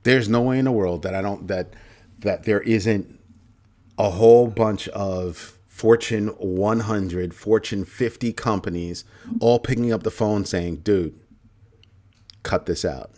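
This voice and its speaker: A man's voice: fairly low pitch, a little slow, darkish tone. A man hosting a livestream commentary, talking emphatically, repeating key phrases for effect and answering viewer comments as he goes. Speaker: show host.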